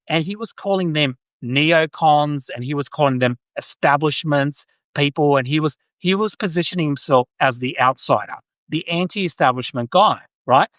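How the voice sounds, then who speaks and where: A man's voice: a little high, fairly bright tone, no echo. A man with an Australian accent hosting a podcast, talking through political commentary in a casual, rambling way that circles back and corrects itself. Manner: rambling, self-correcting, many restarts. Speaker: podcast host. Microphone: livestream mic.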